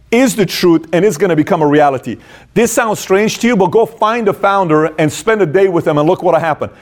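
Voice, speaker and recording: A man hosts a motivational business talk in a slightly high voice, moving at a brisk, rapid clip. He hammers his points with repetition. He slips into short acted-out bits of inner dialogue. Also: a little mellow. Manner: emphatic, repeats phrases, acts out inner dialogue. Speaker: host.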